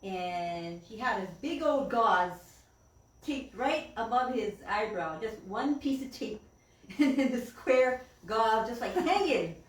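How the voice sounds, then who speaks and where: A woman's voice: fairly high pitch, expressive, slow. Woman minister in an echoey hall. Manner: conversational, frequent fillers and laughs. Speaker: church minister. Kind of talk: sermon told as a personal story. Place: church hall. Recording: roomy hall, distant mic, faint noise.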